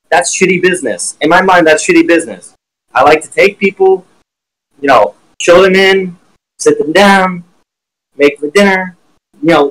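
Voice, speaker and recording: A man teaching trading on a live stream with blunt, profane, animated talk while sharing his screen. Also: sits high, poor audio.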